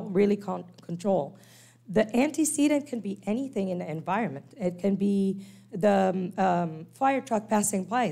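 A woman lecturing to church teachers on special needs kids, acting out parents and children as she explains. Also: medium pitch. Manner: animated, acts out quoted parents and kids.

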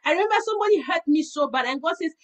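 A woman preaching to a women's fellowship, telling earnest personal stories in an animated way and often repeating words. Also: very high voice, very fast, poor audio.

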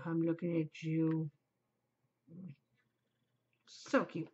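A woman's voice: mid-range voice, a little slow, long pauses, fairly bright tone, muffled recording. A middle-aged woman hosting a podcast, chatting casually and giggling, easily distracted. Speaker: podcast host. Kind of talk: casual chat to camera.

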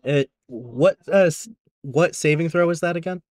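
A man's voice: fairly high pitch, normal speed, darkish tone, no echo. A man running a tabletop game as game master, narrating loosely with lots of fillers and frequent laughter.

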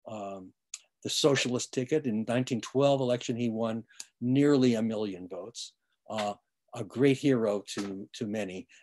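With a medium-pitched, slightly mellow voice, a man teaches an online music history class. He is patient but full of fillers and restarts, sometimes humming a rhythm to illustrate.

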